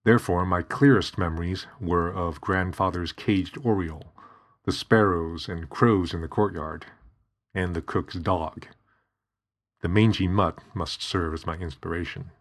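Male narrator, low and husky, reading steadily. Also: steady tone, unhurried. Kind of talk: scripted narration.

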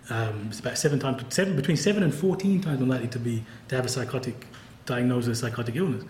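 Guy talking fast, wry and laughy, echoey room. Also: mid-range voice, a little mellow, slight background noise. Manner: candid, wry, laughs often. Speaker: professor and author. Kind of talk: conversational talk at a book event. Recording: roomy event-hall sound.

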